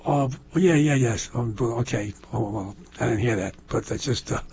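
A man's voice: medium pitch, a little slow, a little mellow, dull audio, slight background noise. A man hosting a talk show, delivering a rambling, emphatic monologue and often calling his listeners folks.

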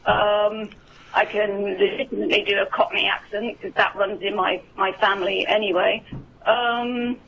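A woman's voice: mid-range voice, flat delivery, normal speed, creaky, fairly bright tone, dull audio, slight background noise. A woman with an English accent, an actor chatting casually in an interview, with lots of ums and restarts. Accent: generic English. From England. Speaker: actor guest.

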